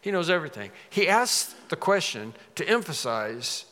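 A man's voice: on the high side, very animated, moderate pace, sharp tone, big-room sound. A man preaching a sermon, explaining scripture and rising dramatically when he quotes it.

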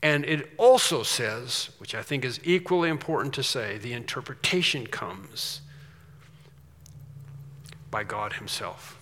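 A man preaching a sermon, slow and emphatic with quicker asides. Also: medium pitch, fairly bright tone, big-room sound.

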